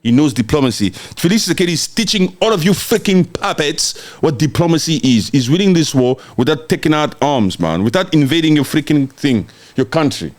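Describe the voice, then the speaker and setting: A man's voice: a little high, expressive, brisk, few pauses. Congolese guy ranting on a live stream, mocking and fired up, voice jumping all over the place. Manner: fiery, mocking, repeats words for emphasis; reads and answers viewer comments. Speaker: live-stream political commentator. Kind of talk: impassioned ranting commentary.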